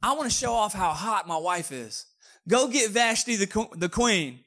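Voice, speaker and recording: A man's voice: high-pitched, lively intonation, moderate pace, sharp tone, heavily acted. A man voicing a drunk, boastful Persian king who is showing off.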